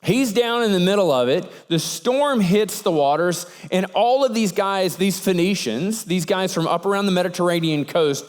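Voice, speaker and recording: A man preaching a sermon, telling the story in an animated way and acting out the sailors' lines. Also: sits high, moderate pace, hardly any pauses, clear, resonant tone, long reverb tail. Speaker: pastor.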